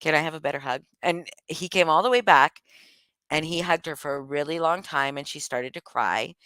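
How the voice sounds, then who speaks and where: A woman with a low, smooth voice talks in a loose, rambling vlog monologue. She is blunt and swears freely, often restarting her sentences. The sound is dry and close, with no room echo. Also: a bit bright. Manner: candid, profane, rambling with many restarts. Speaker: vlogger.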